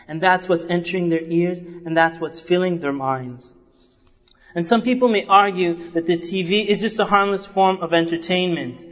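A man preaching a sermon with earnest, repeated emphasis, quoting Arabic scripture between English lines. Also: high-pitched. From Canada. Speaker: Islamic preacher. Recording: dull lo-fi recording in a reverberant hall.

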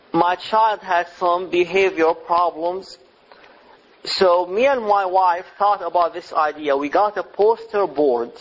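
A middle-aged man giving a religious lecture on parenting, speaking deliberately and asking his listeners rhetorical questions. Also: high voice. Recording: slightly dull lo-fi recording.

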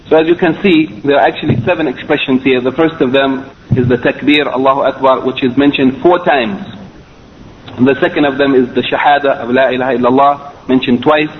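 A man's voice: medium pitch, steady tone, brisk. A man teaching a recorded religious lesson, explaining step by step with fillers and self-corrections. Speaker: Islamic studies teacher. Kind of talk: recorded lecture. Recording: tinny phone-line quality, faint hiss.

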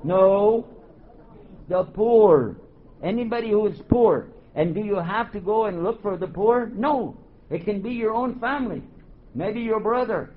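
Man, religious lecturer, live audience, quizzes and jokes, fairly high voice, muffled lo-fi sound. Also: a little slow. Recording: dull lo-fi recording, faint hiss.

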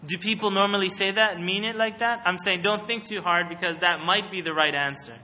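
A man's voice: sits high, fairly quick, pushed and bright. A man giving a religious talk into a microphone to a live audience, often putting questions to the listeners and calling on them. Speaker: speaker giving an Islamic talk.

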